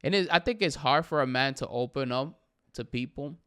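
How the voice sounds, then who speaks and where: A man's voice: mid-range voice, normal speed, a bit bright, clear, resonant tone. A man in his thirties, a comedian hosting his own podcast, talking candidly and in a rambling, reflective way about how he feels. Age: 30s. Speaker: podcast host and stand-up comedian. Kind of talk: candid solo podcast monologue.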